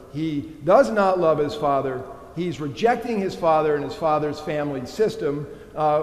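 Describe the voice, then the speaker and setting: A man preaching a sermon in a church, emphatic and animated, asking the congregation rhetorical questions. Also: on the high side. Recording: echoey church hall.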